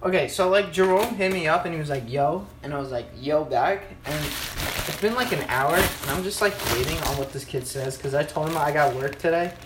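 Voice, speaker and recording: A young man hosting a podcast from home, rambling casually and cursing, with sudden loud outbursts. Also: fairly high pitch, moderate pace. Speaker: podcast host. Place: at home, in his room and kitchen. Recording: echoey room with background noise.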